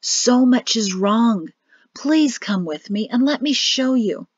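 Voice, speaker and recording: Woman reading as a soft-spoken, cryptic young man; storybook voice, low and hushed, muffled dry audio. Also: dry recording. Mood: grave. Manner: calm, grave, measured warnings. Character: grim quiet young man, cryptic brother.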